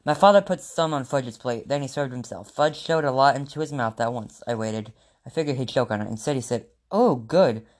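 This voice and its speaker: A man's voice: medium pitch, a little fast. A man reading a children's book aloud to his class as a teacher, in a plain manner with small restarts.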